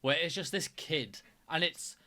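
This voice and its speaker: A man's voice: on the high side, lively intonation, unhurried, pushed and bright. A man chatting casually as a streamer reacting to videos, enthusiastic and rambling. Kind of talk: casual chat.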